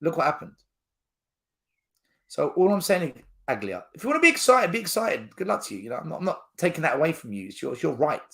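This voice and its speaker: Fired-up guy on his fan channel, blunt and argumentative, fairly high voice. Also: sing-song, quick pace, vocal fry, hardly any pauses, bright, forceful tone. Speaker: football fan channel host. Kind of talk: fan opinion rant to camera.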